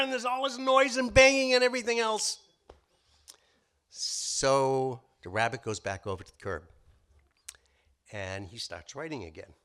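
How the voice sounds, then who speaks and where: A man in his sixties telling a story live at a story slam, animated and jokey, with uh and so. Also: medium pitch, moderate pace. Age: 60s. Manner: animated joke-telling with filler words.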